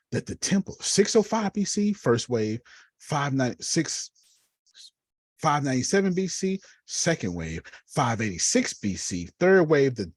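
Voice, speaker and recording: A man, teaching a lively, preachy Bible lesson over a video call and calling on listeners by name. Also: mid-range voice, breathy edge, no echo. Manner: uses Black church phrasing.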